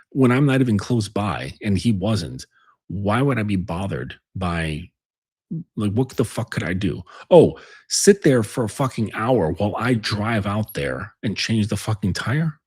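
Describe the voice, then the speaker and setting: A man's voice: fairly low pitch, darkish tone, slightly rough. A man giving relationship advice in a casual monologue, rambling and blunt, swearing freely with lots of fillers. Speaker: relationship coach.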